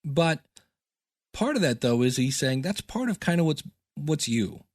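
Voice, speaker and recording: A man's voice: on the high side, sing-song, a little slow, no echo, clean studio sound. A middle-aged man teaching podcasting in a chatty, self-deprecating solo talk with goofy asides.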